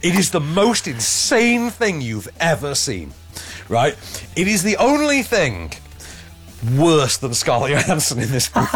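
A man's voice: on the high side, a bit bright. An English man hosting a film review podcast in casual chat, sarcastic and rambling, with frequent restarts. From England.

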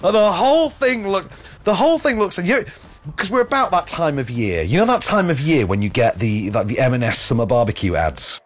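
A man's voice: on the high side, very animated, brisk. An English man hosting a film review podcast in casual chat, sarcastic and rambling, with frequent restarts. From England.

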